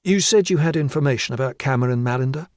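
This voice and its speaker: A man voicing a brisk woman detective chief inspector in an audiobook, asking clipped, direct questions. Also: medium pitch, darkish tone, no echo, clean studio sound, voice pushed up, lightly acted.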